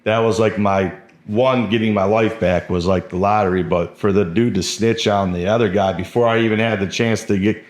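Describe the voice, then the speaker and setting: A man's voice: fairly low pitch, fairly even intonation, normal speed, few pauses. A young man telling his own story in a casual, rambling way, full of fillers and swearing. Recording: roomy echo.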